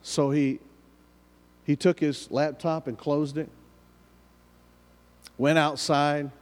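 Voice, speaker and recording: A man's voice: on the high side, flat delivery, slow. A male pastor telling a story in a sermon, earnest and given to repeating and restarting his phrases. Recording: long reverb of a large hall.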